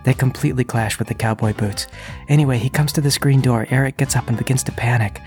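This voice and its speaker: A man runs a tabletop game as narrator, his voice mid-pitched and even. He tells the scene calmly, and soft music plays faintly behind him. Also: quick pace. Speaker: game master.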